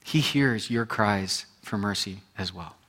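Animated male pastor preaching a sermon. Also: on the low side, a little slow. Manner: animated storytelling, acting out quotes, swinging between loud and hushed.

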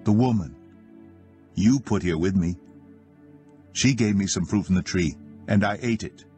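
A man's voice: sits low, measured pace, warm tone, faint music behind. A British man reading the lines of the first man in a scripture recording, anxious and defensive. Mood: blaming.

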